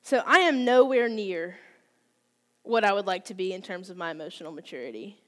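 A woman's voice: medium pitch, lively intonation, brisk. A woman in her twenties giving a candid, conversational sermon, open and self-deprecating about her own faults. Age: 20s. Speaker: youth speaker.

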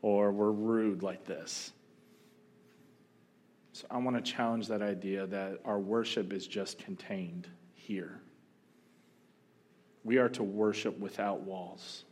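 A male pastor telling a story during a sermon, animated and joking now and then. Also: fairly low pitch, takes it slowly, pauses often. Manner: storytelling, animated, humorous asides.

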